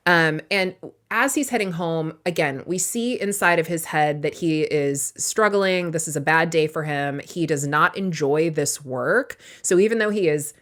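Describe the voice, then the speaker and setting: A woman with a fairly low voice co-hosts a casual book podcast. She walks through the plot in a chatty way and breaks off for playful asides. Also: unhurried, few pauses, fairly bright tone. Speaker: podcast co-host. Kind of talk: casual book-recap chat.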